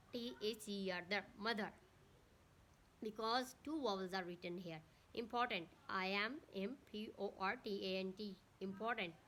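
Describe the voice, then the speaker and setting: A woman teaching an online English lesson at an even, unhurried pace. She explains patiently, breaking each word down and spelling it out letter by letter. Her voice sits in a middle range over a faint hiss. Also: medium pitch.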